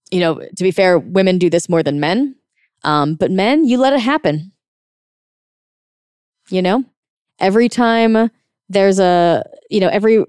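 A woman's voice: mid-range voice, a little mellow, smooth, no room sound, clean studio sound. A woman working as a relationship coach, giving casual, frank advice in a monologue, sometimes swearing, often laughing and acting out quoted reactions. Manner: frank and blunt, with occasional swearing.

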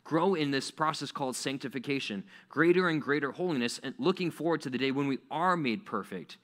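Pastor, male, relaxed conversational preaching with a bright, pointed tone. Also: mid-range voice, fairly quick. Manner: casual, conversational preaching with rhetorical questions. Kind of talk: sermon.

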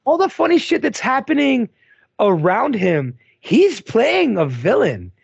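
A man co-hosting a podcast, chatting casually about a movie, animated and swearing with lots of "like" and "dude". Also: very high-pitched, measured pace, gravelly, slightly rough, no echo, lo-fi sound. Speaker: podcast co-host. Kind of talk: casual film review chat.

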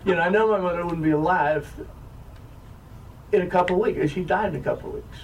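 A man's voice: high voice, fairly quick. An older man telling wry, self-mocking stories to an audience as an author. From American South. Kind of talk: humorous storytelling talk. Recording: distant mic, faint room noise.

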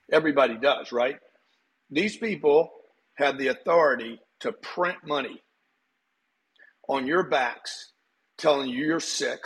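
A man on a call-in show, teasing others and ranting forcefully. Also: on the high side, poor audio. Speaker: show regular. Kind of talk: opinionated rant.

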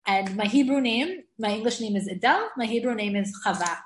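A woman giving an informal Hebrew grammar lesson, chatty and given to laughing, slowing down to spell out example words. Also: on the high side, expressive, roomy sound, slight background noise.

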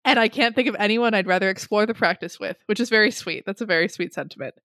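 A woman's voice: medium pitch, quick pace, a bit bright, no room sound, studio quality. A young adult woman co-hosting a podcast, reading listener submissions in a chatty, giggly way with many ums. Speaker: podcast co-host.

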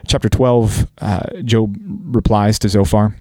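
A man's voice: on the low side, steady tone, slow, a little mellow, no echo, studio quality. A man hosting a casual Bible study podcast, talking in an earnest, conversational way and now and then acting out the quotes he reads. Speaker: podcast host teaching scripture.

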